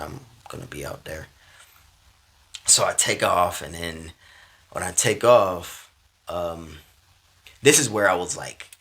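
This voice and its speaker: Male vlogger, storytime, lowish pitch with a sharp bright edge, slangy, jumps between hushed and loud. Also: slightly rough. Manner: animated, slangy, swings between hushed asides and loud bursts. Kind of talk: casual storytime.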